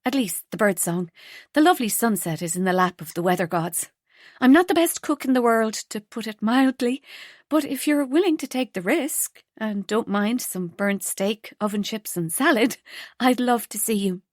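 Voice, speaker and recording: A woman narrator voicing an eager young woman in love who speaks in a bright, raised and breathless way. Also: a little high, lively intonation, normal speed, no room sound, studio quality, close to an everyday voice. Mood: chatty.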